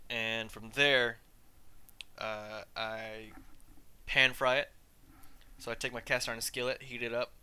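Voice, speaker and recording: A man's voice: medium pitch, bright, forceful tone, clear, resonant tone. A man hosting a podcast, ranting casually in a rambling, profane way and trailing off into asides. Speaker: podcast host.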